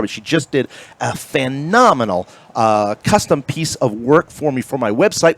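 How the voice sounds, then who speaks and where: A man's voice: mid-range voice, no room sound. A man from the Florida Keys hosting a live radio talk show in a chatty, jokey, upbeat way. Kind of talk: casual live broadcast chat.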